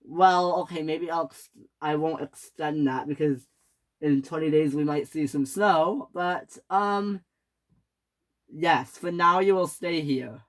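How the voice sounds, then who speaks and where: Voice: medium pitch, slow pace, lightly acted, poor audio. A performer voicing a stern railway boss who scolds his engines, in a toy train story. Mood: scolding.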